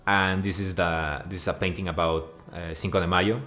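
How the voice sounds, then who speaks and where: Deep-voiced man ranting profanely. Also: level tone, moderate pace, a bit bright, soft background music. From Mexico. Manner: crude, swearing, mock-outraged, rambling. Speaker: video host. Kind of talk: profane comedic rant.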